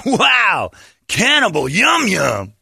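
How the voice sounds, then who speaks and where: A man's voice: high voice, wildly swooping pitch, takes it slowly, creaky, breathy edge, no echo, clean studio sound, pitched above the performer's own voice, exaggerated voice. A man putting on a scornful starving villager. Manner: mocking, exaggerated and shouty.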